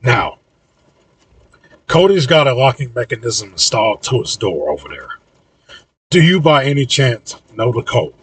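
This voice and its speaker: A man's voice: medium pitch, very animated, normal speed, pauses often, slightly rough, no echo, distant mic, rough recording. A man voicing a determined, impatient young man in an audiobook reading. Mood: brisk.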